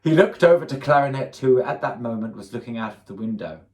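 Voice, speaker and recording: A man reads a comic story aloud in a mid-pitched voice. He breaks off now and then with wry comments. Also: animated, fast talker, a little mellow, rough recording. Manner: wry asides between narration. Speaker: story reader.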